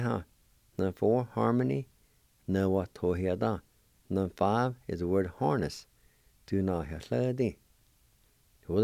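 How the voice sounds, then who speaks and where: A man with a low, mellow voice gives a language lesson, taking his time over every syllable. He spells and sounds out each word with patient, encouraging care. The sound is close and dry. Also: gravelly, no echo. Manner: slow, deliberate syllable-by-syllable spelling and pronouncing. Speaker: language teacher.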